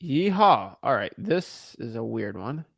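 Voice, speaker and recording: Animated man ranting between cold calls. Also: fairly high pitch, normal speed, no echo, clean studio sound. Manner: animated, repeats words when worked up. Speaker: real estate wholesaler cold calling sellers.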